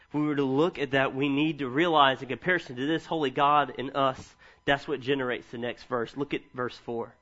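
A mid-range voice comes through a muffled recording as a pastor in his thirties talks a little fast, hardly pausing. His sermon mixes scripture readings with funny, lively tales from family life.

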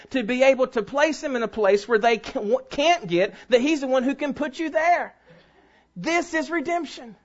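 A pastor with a strikingly high voice preaches to his congregation, pushing hard on key words and then dropping low. The recording sounds dull and lo-fi, like a muffled church tape. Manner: emphatic preaching, rising and falling in force. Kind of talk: sermon.

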